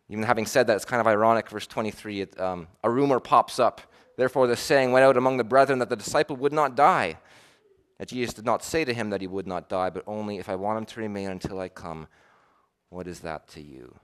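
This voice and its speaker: Man, pastor, sermon, earnest, emphatic then hushed, medium pitch. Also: expressive, quick pace. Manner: earnest preaching, swings between emphatic and hushed.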